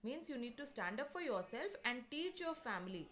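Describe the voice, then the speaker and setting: Woman teacher, online class, hesitant, halting, slightly high voice. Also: very animated, fairly bright tone. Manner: retells and paraphrases, hesitant and halting. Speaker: English teacher.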